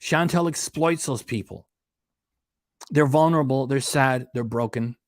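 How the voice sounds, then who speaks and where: A man's voice: mid-range voice, a little slow, dry recording. A man hosting a reaction channel, ranting in an indignant, emphatic way and hammering home his points. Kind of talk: casual commentary rant.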